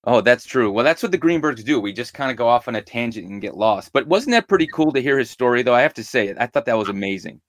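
A middle-aged man hosts a podcast, upbeat and chatty as he tells stories. His voice sits at an ordinary mid pitch. The recording is dry and close. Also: lively intonation, fast, hardly any pauses, dry recording. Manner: upbeat, storytelling. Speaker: podcast host. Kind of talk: casual podcast conversation.

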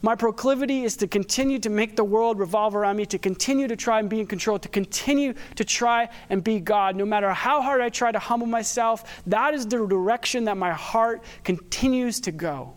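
A man's voice: high-pitched, brisk, hardly any pauses. A man preaching a sermon as a pastor, talking in a conversational way and telling personal stories.

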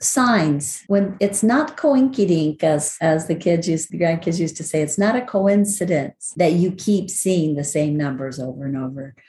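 An older woman with a low, mellow voice gives an earnest, reflective devotional teaching. She is recorded in a roomy space with a faint hiss behind her. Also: measured pace, few pauses. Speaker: podcast host, Bible teacher. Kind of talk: devotional podcast talk. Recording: roomy with faint background noise.

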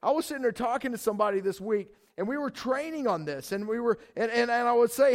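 Animated high-voiced preacher man. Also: fast talker, hardly any pauses. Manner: animated, repeats words and stammers restarts. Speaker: pastor. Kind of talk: sermon.

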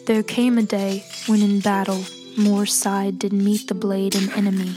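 A woman narrates a fable in a slow, hushed voice that often drops to a whisper. Her melody stays flat and even, and music plays clearly behind her. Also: mid-range voice. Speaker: storyteller. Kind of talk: scripted storybook narration.

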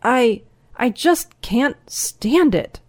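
A woman playing a nervous young backwoods man, worn down by lonely nights. He speaks in a higher, softer voice, halting and plaintive, in a dry, close storybook reading. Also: expressive, dry recording. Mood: uneasy. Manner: timid, stammering and plaintive. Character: lonely, jittery young male still-tender.

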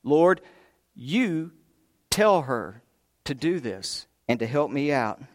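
A man's voice: fairly high pitch, very animated, takes it slowly, in a large hall. A man voicing an exasperated, overworked woman who insistently demands help, his voice raised and pleading.

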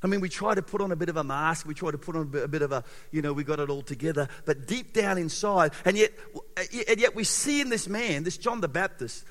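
A male preacher delivers a sermon in a high, bright, ringing voice. He is animated, punching some words hard and dropping others to a near hush. A long reverb trails his voice through a large hall. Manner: animated, swings between loud emphasis and quiet intimacy. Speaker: pastor.

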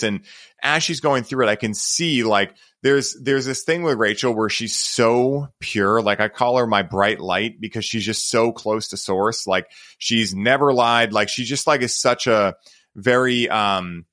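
A man's voice: mid-range voice, normal speed, fairly bright tone, dry recording. A man hosting a podcast, telling stories in a rambling, casual way and leaning on filler words. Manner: rambling, heavy use of "like" and "right?". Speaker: podcast host.

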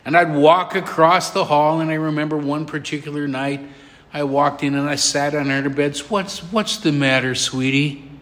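Middle-aged male pastor, high-pitched, repetitive emphatic sermon delivery. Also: flat delivery, moderate pace. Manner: emphatic repetition, soft drops for emotional moments. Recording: long hall reverb.

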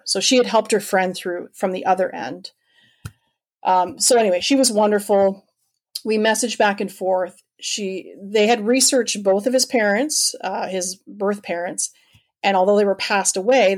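A middle-aged woman from Canada, talking at a middling pitch. She tells her own story in an earnest, emotional way, with lots of ums and restarts. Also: darkish tone. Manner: earnest, emotional, rambling with many fillers. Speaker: guest telling her adoption search story. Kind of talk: personal storytelling in conversation.

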